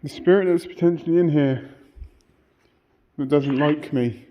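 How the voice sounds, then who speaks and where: A man investigating alone in an old church, speaking in an earnest, hushed voice and calling out questions to the spirits. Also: fairly high pitch, a little slow, a little hiss or hum. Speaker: paranormal investigator. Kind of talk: solo ghost-hunting vlog. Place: inside an old church at night.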